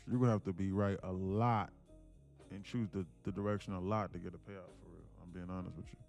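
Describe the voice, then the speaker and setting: A man with a lowish voice hosts a live trading stream, talking bluntly and casually. He coaches viewers directly. Faint music plays behind him. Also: steady tone, a little fast, creaky, darkish tone. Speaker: day-trading livestream host.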